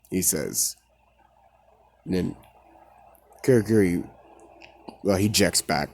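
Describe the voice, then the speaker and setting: A man's voice: deep voice, expressive, takes it slowly, gravelly, long pauses, darkish tone. A man casually retelling a fan story in a rambling, profane way, full of fillers.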